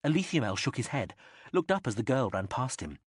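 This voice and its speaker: A man narrating an audiobook in a lively, expressive reading style. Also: medium pitch, brisk, husky, no room sound, studio quality. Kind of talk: scripted narration.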